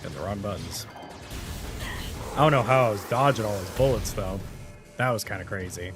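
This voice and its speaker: A man with a very low voice talks his way through a game on a live stream, loose and chatty, greeting viewers as he plays. Game music plays clearly underneath him. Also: moderate pace. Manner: casual, chatty, talks to chat while playing. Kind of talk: live gameplay commentary.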